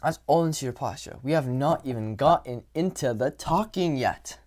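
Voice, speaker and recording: A man's voice: medium pitch, lively intonation, moderate pace, darkish tone. Casual young man giving blunt advice. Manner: blunt, swears casually, acts out examples. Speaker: dating coach. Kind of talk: casual talking-head advice.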